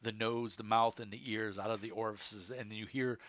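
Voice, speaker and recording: Bright-voiced casual game master. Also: male voice, on the low side, fairly even intonation, moderate pace, dry recording. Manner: casual, rambling, many fillers. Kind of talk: narrating a tabletop game. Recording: dull lo-fi mic, dry.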